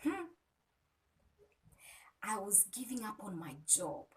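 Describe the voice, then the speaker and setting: A woman's voice: medium pitch, big pitch swings, slow pace. Woman vlogger, motivational talker, punchy and preachy, mid-range voice, recorded from a distance. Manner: emphatic, preachy, direct address. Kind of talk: motivational talk to camera. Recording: voice distant from the mic.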